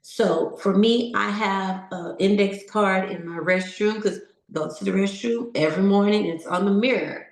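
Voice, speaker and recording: A woman's voice: mid-range voice, moderate pace, reverberant. A woman giving a conversational motivational talk to a live audience, encouraging and full of questions. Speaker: motivational speaker.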